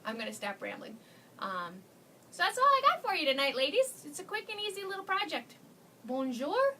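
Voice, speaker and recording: A woman's voice: high-pitched, big pitch swings, normal speed, bright, forceful tone, far from the mic, a little hiss or hum. A woman hosting a casual live craft demo, chatty and gushing, laughing often as she talks to viewers. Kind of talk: casual live-stream chat.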